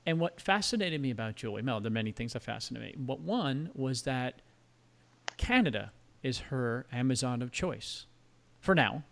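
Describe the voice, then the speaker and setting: A man hosts a relaxed podcast interview at a middling pitch. His voice has a strong gravelly fry, and he talks in eager, rambling asides. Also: normal speed. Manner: chatty, enthusiastic, rambling. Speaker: podcast host.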